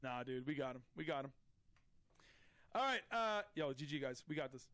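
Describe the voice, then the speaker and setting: A man streaming a social deduction game, talking excitedly, often shouting and repeating himself. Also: mid-range voice, normal speed, very noisy. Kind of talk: excited gaming commentary.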